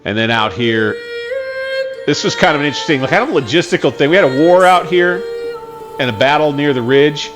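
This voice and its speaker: A man hosting a gaming channel, giving relaxed, rambling commentary on his gameplay. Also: fairly high pitch, a little fast. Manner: relaxed, rambling, with fillers and self-corrections. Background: game music.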